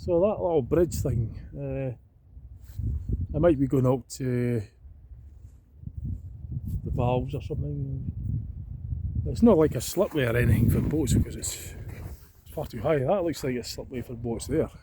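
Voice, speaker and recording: Scottish male vlogger, mid pitch, rambling walk-and-talk, outdoor camera audio with clear background noise. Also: unhurried, pauses often. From Scotland. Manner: rambling, thinking aloud with fillers. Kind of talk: casual walking vlog. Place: outdoors by a reservoir on a cold day.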